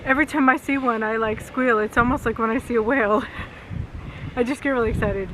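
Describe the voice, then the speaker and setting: A woman's voice: a little high, brisk. A woman co-hosting a casual vlog outdoors, talking with eager enthusiasm. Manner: enthusiastic, gushing. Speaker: vlog co-host. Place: outdoors on a coastal cape. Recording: noisy outdoor camera audio.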